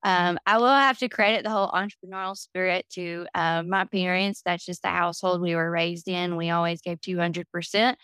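A woman speaks candidly as a podcast guest, animated as she tells her story and full of fillers. Her voice sits low and sounds smooth and clear. The sound is dry and close, with no room around it. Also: fairly quick, hardly any pauses, dry recording. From Florida. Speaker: podcast guest, business owner. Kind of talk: casual interview talk.

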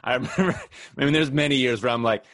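A man's voice: mid-range voice, quick pace, no echo, clean studio sound. A man hosting a casual podcast chat, telling stories and acting out quotes with energy. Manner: animated storyteller, acts out quotes. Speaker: podcast host.

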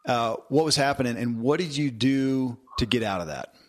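A man hosting an interview, asking gently probing questions and encouraging his guest. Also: mid-range voice, normal speed. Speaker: podcast host.

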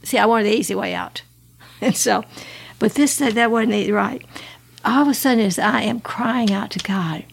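At normal speed, an Alabama guest in her 80s shares her testimony in a fairly high voice that is creaky and husky. She tells her life story with earnestness, interrupted by laughs and restarts.

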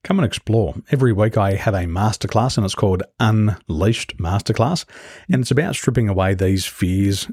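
An Australian business coach tells stories as an interview guest, acting out the voices of people he quotes. His voice is on the low side, a little mellow and slightly rough, at normal speed, in studio-quality audio with no echo.

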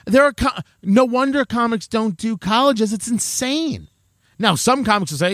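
A man delivering a rambling, animated opinion monologue, often interrupting himself. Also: extremely high pitch, normal speed, dry recording, clean studio sound. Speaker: commentator.

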